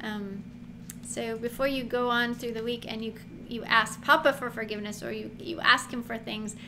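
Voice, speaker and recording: Brief: woman Bible teacher with a high voice, lively and chatty, noisy recording. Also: normal speed. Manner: chatty, animated, laughs often, acts out quotes. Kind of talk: casual Bible teaching to camera. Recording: noticeable background noise.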